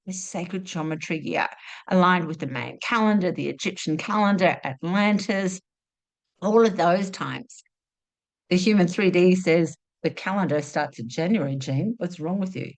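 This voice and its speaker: An Australian woman with a fairly low voice gives a spiritual teaching talk, posing rhetorical questions and expressively acting out inner voices.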